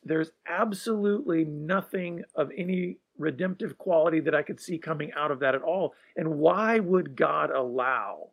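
A man hosting an interview, asking long, thoughtful questions with frequent hesitations and restarts. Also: on the high side. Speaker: interviewer host.

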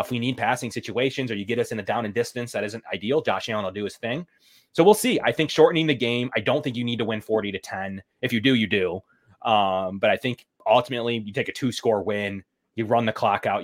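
A man's voice: on the low side, fast. A man co-hosting a sports podcast, giving loose, filler-heavy game predictions in casual chat. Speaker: podcast co-host.

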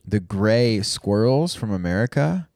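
Deep-voiced man in laid-back banter. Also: expressive, a little slow, darkish tone, dry recording, clean studio sound. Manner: laid-back, drifting into long explanatory asides. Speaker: podcast co-host. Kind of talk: casual banter.

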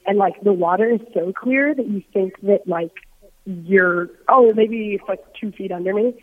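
Over a dull phone line, a young woman rings a radio show from overseas for a casual chat. She speaks at medium pitch and a moderate pace, sounding bubbly and leaning on "like" again and again.

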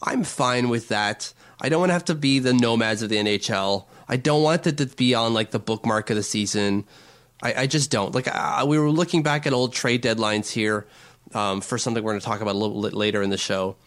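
A man's voice: mid-range voice, a little fast, fairly bright tone. Rambling, stammering male podcast co-host. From not from Long Island. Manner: rambling, self-correcting, stammers on restarts. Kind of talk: casual sports talk.

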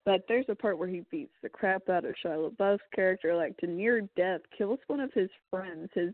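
A woman's voice: lowish voice, moderate pace. Woman rambling about a movie, lots of uh and like, sounds like a phone line, no room echo. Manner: animated, rambling retelling with filler words. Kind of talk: casual film chat.

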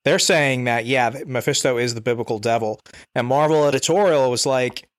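A man's voice: mid-range voice, fairly quick. A man co-hosting a casual comics chat, blunt and joking, swearing freely.

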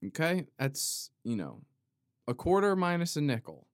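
A man hosting a podcast in a loose, joking monologue that drifts from one tangent to the next. His mid-range voice swings widely up and down, with sudden loud bursts. The sound is close and dry, with no room behind it. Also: a little high, wildly swooping pitch, measured pace, no room sound. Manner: playful, goes off on tangents, sudden loud outbursts. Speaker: podcast host. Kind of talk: rambling comedic monologue.

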